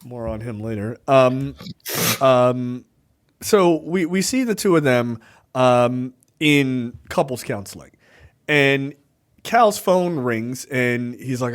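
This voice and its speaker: A man co-hosting a casual movie review podcast, laid-back and hesitant, full of fillers and quick laughs. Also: mid-range voice, animated. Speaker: podcast co-host.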